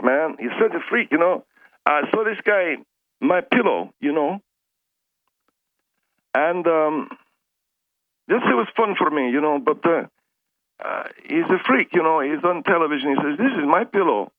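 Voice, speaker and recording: Halting man on a tinny phone line. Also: fairly high pitch, lively intonation, no room sound. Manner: halting, hesitant, full of fillers. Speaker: caller. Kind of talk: phone-in chat.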